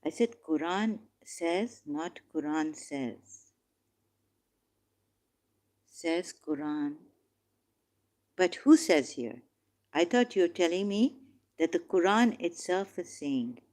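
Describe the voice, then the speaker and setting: A woman holds her ground in a heated religious debate, reading verses aloud and correcting her opponent again and again. Her voice sits low and warm, and she takes her time over each word. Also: expressive, slow pace. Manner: insistent, repeatedly correcting, reads verses aloud. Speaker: debate participant.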